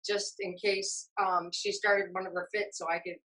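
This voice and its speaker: A woman's voice: fairly low pitch, level tone, normal speed, bright, forceful tone, recorded from a distance, low-quality recording. A woman guest in a casual podcast chat who tells wry stories and laughs at her own punchlines.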